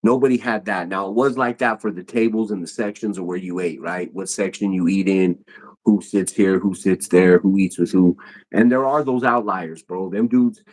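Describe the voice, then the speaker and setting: A man's voice: low-pitched, moderate pace, darkish tone. A man who is a podcast guest, telling stories casually in loose, rambling street slang. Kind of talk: casual storytelling.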